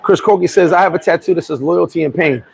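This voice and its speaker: An American man hosting a casual livestream. He rambles through viewer comments and shout-outs, often restarting and chuckling. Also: fairly high pitch, quick pace, creaky, low-quality recording. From United States. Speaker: livestream host.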